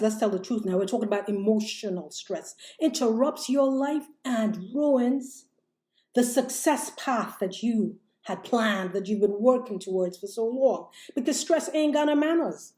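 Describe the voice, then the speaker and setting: A woman's voice: on the high side, animated, measured pace, dark tone. A woman life coach giving a fiery, preachy motivational livestream talk, calling her listeners "my loves" and "honey," her voice a little strained. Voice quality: slightly strained voice. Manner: chants and sings short refrains. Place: home setup, streaming live. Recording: roomy echo.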